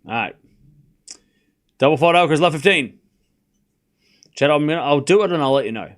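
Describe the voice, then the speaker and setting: A young man hosting a live tennis watchalong stream, chatting casually and excitedly repeating the score as points are played. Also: a little high, moderate pace. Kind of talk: live casual play-by-play commentary.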